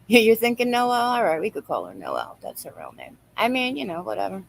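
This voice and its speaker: A woman's voice: medium pitch, wildly swooping pitch, moderate pace, vocal fry, poor audio. A woman hosting a casual live-stream chat, gossiping, laughing often and reading viewers' comments aloud.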